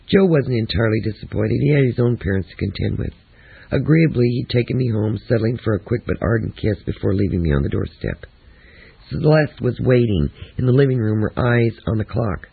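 Male memoir reader, low, raspy voice, tinny phone-like audio. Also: lively intonation, brisk, no echo. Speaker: audiobook narrator. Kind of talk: first-person memoir narration.

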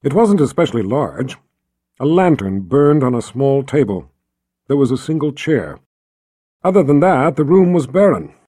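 A male narrator reads a fantasy novel aloud, with a husky, dark timbre. His delivery is lively and full of pitch movement. It is recorded close and dry. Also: normal speed, dry recording. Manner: expressive storytelling, voicing every character. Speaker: audiobook narrator. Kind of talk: scripted narration.

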